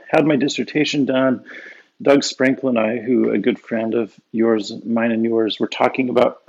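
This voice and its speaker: Gravelly man telling a story. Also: medium pitch, highs cut off. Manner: animated anecdotes with frequent laughs and restarts. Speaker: guest, professor and author. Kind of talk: conversational storytelling.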